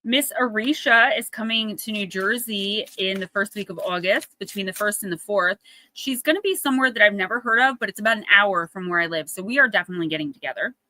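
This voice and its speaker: A woman with a mid-range voice and sharp tone hosts a live oracle card reading stream, talking quickly as she tells a story. She's chatty and casual, acting out what people said in a raised voice. The recording is rough, with a little hiss or hum.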